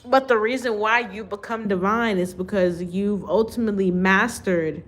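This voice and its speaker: A woman speaking unscripted to her viewers as a spiritual reader, slow and deliberate, with long pauses and restarts. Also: medium pitch. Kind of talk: unscripted spiritual monologue to camera.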